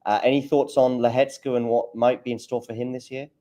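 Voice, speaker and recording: A man's voice: medium pitch, little pitch movement, brisk, dark tone. A man hosting a podcast, chatting casually, repeating words as he finds his point and putting questions to his co-host. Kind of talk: casual chat.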